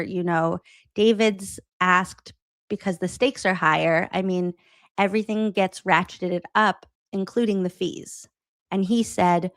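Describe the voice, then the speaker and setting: A woman's voice: mid-range voice, no room sound. A woman podcast host reading an interview transcript aloud and adding wry asides between the quotes.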